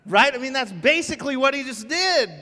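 A man preaching a casual, joking sermon as pastor, telling the story with lively asides. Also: very high-pitched, brisk. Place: church sanctuary. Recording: church hall with long reverb.

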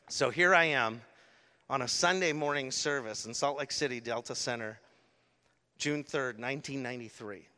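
A middle-aged man telling his conversion story in a sermon, emotional and animated, acting out his own gasps and words. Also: a little high. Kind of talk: sermon testimony. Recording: long hall reverb.

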